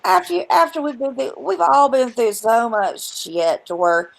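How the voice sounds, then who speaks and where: A woman's voice: on the high side, sing-song, normal speed, creaky, low-quality recording. A woman hosting a live stream, telling rambling, blunt, profane stories in casual chat. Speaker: stream host.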